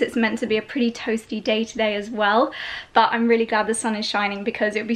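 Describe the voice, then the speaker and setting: A young woman chatting to camera in a lifestyle vlog, bubbly and out of breath from carrying boxes around a house. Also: a little high. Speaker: lifestyle vlogger. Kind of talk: casual vlog chat to camera. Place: house during a move.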